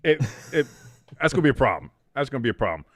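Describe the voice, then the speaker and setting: A man hosting a live game watch-along, calling plays and chatting with loud, profane tangents. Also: medium pitch, racing, no room sound, studio quality. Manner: animated play-by-play mixed with profane rants. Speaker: host.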